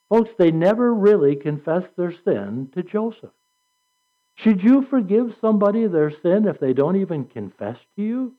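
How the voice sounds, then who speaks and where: A man preaching a sermon with an animated delivery, reading scripture aloud and acting out quotes. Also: sits high, normal speed. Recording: dull lo-fi recording.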